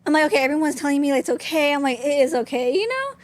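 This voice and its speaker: A woman's voice: sits high, steady tone, rapid-fire, dry recording. A young woman, a podcast guest, telling a personal story openly and candidly, with many "like" fillers. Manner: open, talks with frequent "like" fillers.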